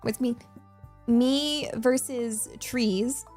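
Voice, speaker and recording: Bubbly high-voiced English woman streamer. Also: steady tone, extremely slow, a little mellow, faint music behind. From England. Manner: bubbly, chatty, laughs often. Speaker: VTuber streamer. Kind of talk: casual chat with viewers.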